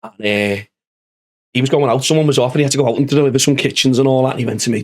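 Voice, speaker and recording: A man's voice: medium pitch, fairly even intonation, racing. A man, hosting a podcast in casual chat and telling a rowdy workplace story full of swearing and acted-out quotes. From Liverpool, England. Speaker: podcast host.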